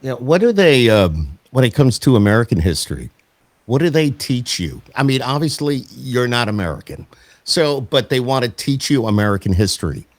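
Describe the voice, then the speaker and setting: A man's voice: medium pitch, very animated, normal speed, no room sound. A man hosting a podcast, asking curious follow-up questions in a casual interview. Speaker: podcast host.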